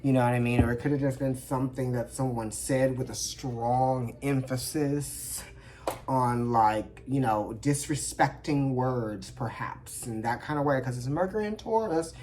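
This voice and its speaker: A man gives a loose, conversational tarot reading indoors, talking straight to his viewers. He sounds expressive and familiar, keeps asking whether they follow him and calls them honey. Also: mid-range voice, measured pace, a little hiss or hum. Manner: chatty and expressive, often checking in with listeners and calling them honey. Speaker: tarot reader. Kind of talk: casual tarot reading to camera. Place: indoors under a ring light.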